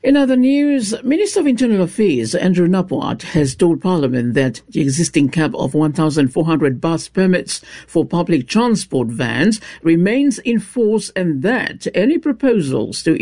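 A man anchors a scripted nightly news bulletin in a fairly high, animated voice. His reading is formal, with a stray stumble now and then. The studio sound is dry and close, with no room echo. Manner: formal reading with lively pitch, occasional small stumbles.

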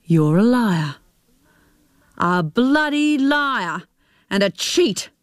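A woman's voice: a little high, big pitch swings, very slow, no echo, clean studio sound, voice pushed up, full character voice. Woman voicing a tearful defensive mother. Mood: angry. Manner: pleading, defensive. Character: tearful unfaithful middle-aged mother.

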